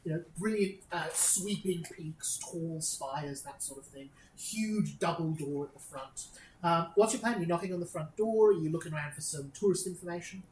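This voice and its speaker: A woman's voice: fairly low pitch, normal speed, a little mellow. A woman narrating as game master of a tabletop game, describing scenes with frequent ums and restarts. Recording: roomy echo with faint noise.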